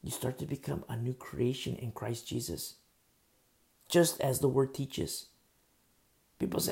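A man's voice: mid-range voice, a little slow, creaky, pauses often, darkish tone. A man preaching a conversational sermon, emphatic and full of rhetorical questions.

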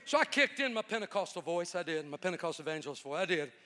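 A man's voice: fairly high pitch, sing-song, quick pace, pushed and bright, some chatter behind. A man preaching a storytelling sermon, folksy and conversational, swelling into a fervent preaching cadence. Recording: long reverb of a large hall.

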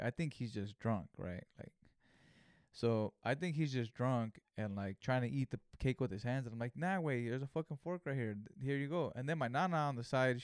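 A man in his thirties from California rambles through a personal story in relaxed, slang-heavy talk. His voice sits at an ordinary middle pitch and he peppers his sentences with "you know" and "right?". The recording is dry and close, with no room sound. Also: no echo. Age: 30s. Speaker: vlogger. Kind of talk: casual storytelling monologue.

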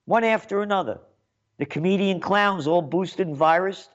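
Sarcasm and mockery drive this New York commentary host's rant, with loud jabs giving way to muttered asides. His voice sits high, moves at a normal speed, and comes through lo-fi sound.

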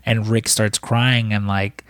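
A man's voice: lowish voice, level tone, takes it slowly, fairly bright tone, dry recording, studio quality. A man recapping a film in casual, rambling talk, full of fillers and swearing. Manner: rambling, profane, lots of fillers. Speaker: podcast co-host.

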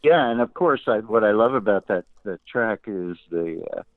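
Deep-voiced older man on a tinny line. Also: expressive, moderate pace, no echo. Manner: wry, anecdotal. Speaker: musician guest. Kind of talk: interview storytelling. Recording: tinny dry phone-like line.

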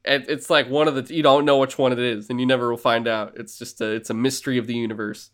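A man co-hosting a casual podcast, excitedly rambling through a recap with swearing and lots of fillers. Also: medium pitch, fast. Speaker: podcast co-host.

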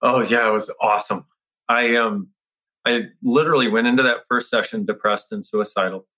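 Brief: middle-aged man, interview guest, bright and forceful tone, lively storytelling with acted-out quotes. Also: mid-range voice, normal speed, low-quality recording. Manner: animated, acts out his past self with exclamations; frequent restarts and filler words. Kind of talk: personal storytelling in conversation.

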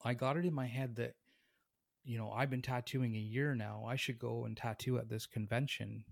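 A man with a gravelly voice at a medium pitch, telling a story in an animated way. He often slips into voicing the other people in the story and laughs as he goes. The sound is dry and close, with no room around it. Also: normal speed, no room sound. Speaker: tattoo artist and guest. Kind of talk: casual storytelling.

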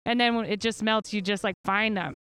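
A woman's voice: medium pitch, steady tone, brisk, fairly bright tone, clear, resonant tone, no echo. Blunt, laughing Canadian comedian woman. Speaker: stand-up comedian. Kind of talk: casual chat. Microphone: studio mic.

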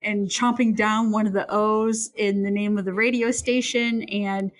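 A woman in casual conversation, an animated storyteller who laughs often while recounting a book. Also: medium pitch, unhurried.

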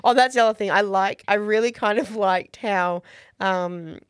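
A woman's voice: medium pitch, normal speed, clean tone, no echo, studio quality. A woman co-hosting a casual TV recap podcast, effusive and emotional, laughing often. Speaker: podcast co-host.

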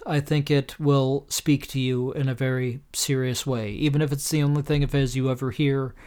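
A man hosting a solo podcast in a casual, rambling way with plenty of fillers, tired and a little tipsy. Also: mid-range voice. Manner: rambling and self-deprecating, many fillers. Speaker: podcast host.

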